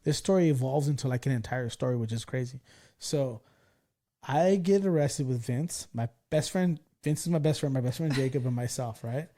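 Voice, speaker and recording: A man in his thirties hosting a podcast, telling a story in casual chat, animated, laughing and swearing freely. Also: mid-range voice, normal speed. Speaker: podcast host.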